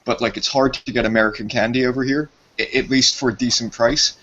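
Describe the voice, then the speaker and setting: A man's voice: mid-range voice, fairly even intonation, fairly quick, a bit bright. Brief: male caller, joking, swearing freely, loose rambling delivery, dull lo-fi line. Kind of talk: crude casual banter.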